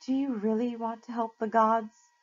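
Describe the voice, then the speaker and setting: A woman's voice: fairly high pitch, level tone, pitched above the performer's own voice, natural voice. A woman reading aloud and voicing an old female gorgon who speaks in a honeyed, coaxing way. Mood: soothing. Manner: honeyed, coaxing, slow and sugary. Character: sweet-talking old female gorgon, menacing beneath. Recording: slightly muffled lo-fi recording.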